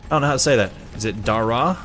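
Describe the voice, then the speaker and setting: A man's voice: medium pitch, rapid-fire, a bit bright, slight background noise. A man with a Southern US accent giving casual, rambling gameplay commentary, chatty and self-mocking. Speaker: let's play gamer.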